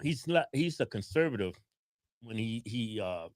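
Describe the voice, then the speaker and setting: A man's voice: mid-range voice, expressive, moderate pace, no echo, clean studio sound. A man trading jokes in a political podcast, teasing and playful, often laughing. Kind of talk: joking political podcast banter.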